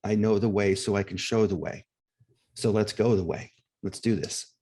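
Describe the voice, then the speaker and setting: This is a warm conversational interview about grief, led by a man whose fairly low, warm voice carries a slight roughness. He speaks at normal speed with fairly even intonation, sounding reflective and encouraging, and at times emotional.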